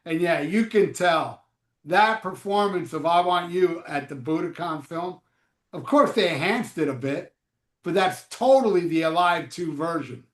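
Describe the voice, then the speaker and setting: A man's voice: fairly high pitch, expressive, measured pace, a bit bright. A man in his fifties hosting a live show, talking in a loose, joking, rambling way with lots of fillers. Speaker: host. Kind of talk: casual live show chat. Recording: echoey room.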